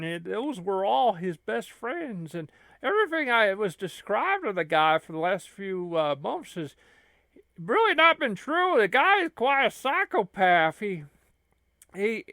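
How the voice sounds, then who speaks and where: A man voicing an excitable, rambling male sidekick who talks loudly and high. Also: dry recording, studio quality, exaggerated voice. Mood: worked up.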